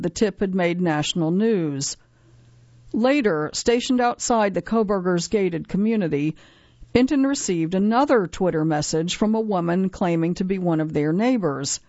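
A woman's voice: mid-range voice, dark tone, no room sound, highs cut off. Woman narrating a news feature.

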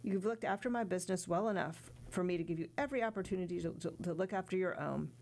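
A woman's voice: lowish voice, quick pace, darkish tone, lightly acted. A woman reading the part of a kindly middle-aged male ship owner in an audiobook, in a fatherly, encouraging manner.

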